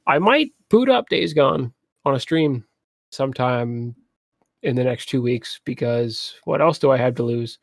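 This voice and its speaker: A young man co-hosting a casual podcast, animated and swearing often, acting out quotes in funny voices. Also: medium pitch, a little slow, creaky, dry recording, studio quality. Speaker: podcast co-host. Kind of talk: casual chat. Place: home streaming setup.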